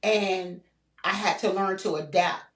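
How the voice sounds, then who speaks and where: Here a guest on a frank podcast, an older woman, recounts her life story with a steady, mid-range voice that runs a little slow. She keeps circling back earnestly, leaning on "you know" and "like," and the recording has a distant, roomy sound.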